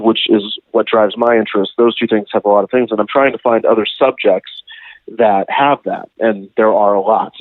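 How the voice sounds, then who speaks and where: A man's voice: on the low side, dry recording. A man speaking as a guest in a casual interview, rambling with lots of ums and restarts. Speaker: guest, YouTube documentary creator. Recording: tinny phone-like line.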